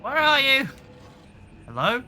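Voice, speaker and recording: Over a noisy background, a gamer does let's play commentary on a horror game in a high voice with huge pitch swings, speaking slowly. Jumpy throughout, they gasp and yelp at every scare and talk back to the monsters.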